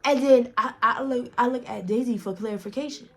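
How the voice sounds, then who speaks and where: A woman's voice: a little high, a little fast, hardly any pauses, fairly bright tone. A young woman telling a story to her vlog audience in a casual, profane, rambling way, restarting her sentences often. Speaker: storytime vlogger.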